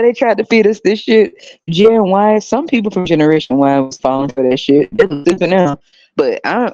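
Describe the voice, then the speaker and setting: A woman's voice: deep voice, a little mellow, dry recording. A woman in her thirties hosts her own podcast in casual solo commentary. She talks bluntly and profanely, mocking others with a laugh. The sound is dry and somewhat dull. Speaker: podcast host.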